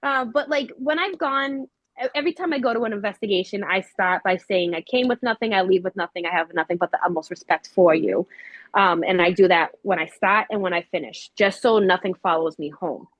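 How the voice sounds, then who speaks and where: Woman, casual storyteller with lots of ums, lively quoted voices, dry recording. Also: mid-range voice, fairly quick, dry recording, lo-fi sound. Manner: animated, acts out quoted voices with many fillers. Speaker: paranormal investigator.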